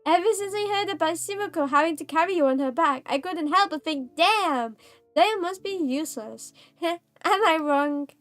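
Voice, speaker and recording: A woman reading the lines of a weary, tender schoolgirl saying goodbye in a soft, resigned way. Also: very high-pitched, lively intonation, normal speed, no echo, soft background music. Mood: somber farewell.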